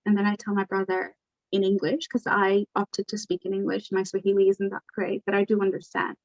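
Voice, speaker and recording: A young adult woman telling her story as an interview guest, animated and acting out the dialogue. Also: medium pitch, fairly quick, no room sound. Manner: animated, acts out quoted dialogue. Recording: dull lo-fi dry recording.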